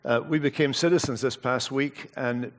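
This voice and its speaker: A man's voice: medium pitch, fairly even intonation, moderate pace. A man with a Scottish accent giving a sermon, joking drily and then reading scripture aloud. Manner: joking, dry humor before reading. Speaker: preacher. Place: university hall.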